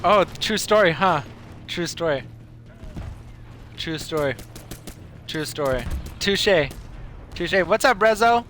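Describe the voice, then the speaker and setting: A man streams a game and spins a goofy story for his chat, voicing sound effects and quoting himself and friends. His tone is bright and forceful and sits a little high for a man. A faint hum of noise runs behind him. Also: takes it slowly, long pauses. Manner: animated, acts out sound effects and voices in a tall tale.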